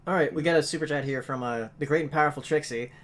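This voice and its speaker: A man's voice: fairly high pitch, fast talker. A man co-hosting a casual podcast, reading viewer questions in an upbeat way.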